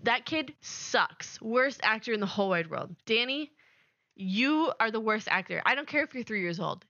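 A young woman trading opinions in a casual podcast chat, blunt and scornful, hammering her points home. Her voice is bright. The recording is dry and a little muffled. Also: a little high, lively intonation, normal speed, no room sound. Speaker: podcast co-host.

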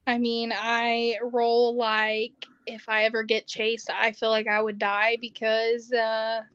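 A woman's voice: on the high side, completely flat delivery, takes it slowly, a bit bright, clear, resonant tone, dry recording, dull audio. A woman co-hosting a podcast in casual chat, blunt and sarcastic, with casual swearing. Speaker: podcast co-host.

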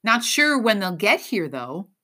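A woman's voice: medium pitch, sing-song, measured pace, bright, forceful tone, pitched above the performer's own voice, heavily acted. A woman voicing a harried female zookeeper in an audiobook, tired and matter-of-fact. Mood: weary.

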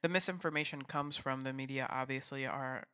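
A man's voice: mid-range voice, steady tone, a little fast, pushed and bright, clear, resonant tone. A man co-hosting a podcast in casual chat, talkative, often laughing and filling with "like".

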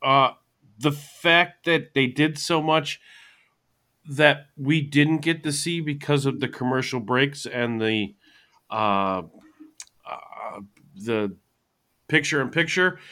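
A man's voice: mid-range voice, slow pace, pauses often, bright, forceful tone. A man hosting a casual podcast chat, rambling and thinking aloud as he talks. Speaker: podcast host.

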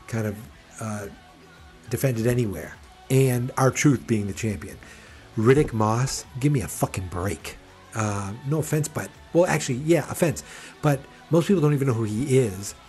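A man's voice: medium pitch, a little slow, a little mellow, soft background music. A man hosting a casual podcast, rambling sarcastically with lots of fillers and self-corrections. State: hiccups. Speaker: podcast host. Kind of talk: casual wrestling preview chat.

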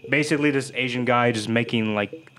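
A man's voice: medium pitch, a little fast, fairly bright tone. A young man co-hosting a podcast, telling stories in casual chat, laughing and swearing as he goes. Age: young adult. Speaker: podcast co-host.

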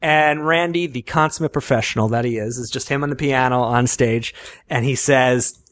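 A man hosting a podcast, chatting casually and recalling things in a reflective, halting way. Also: medium pitch, fairly bright tone. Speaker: podcast host.

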